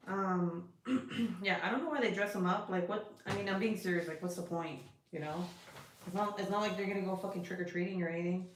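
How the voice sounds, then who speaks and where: A woman's voice: medium pitch, brisk, reverberant. A woman chatting casually with viewers on a crafting livestream, profane and rambling, often breaking off to scold her cat. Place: indoor room at her craft desk.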